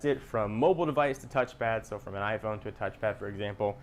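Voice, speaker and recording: A man presenting a scripted gadget review in a measured, explanatory way. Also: on the low side. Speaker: tech reviewer.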